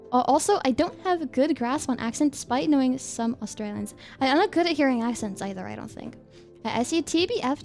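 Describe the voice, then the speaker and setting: High-pitched girl streamer, giggly and rambling, soft music in the back. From United States. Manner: giggly, rambling, quick asides. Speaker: VTuber streamer. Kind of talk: casual chat reading viewer comments.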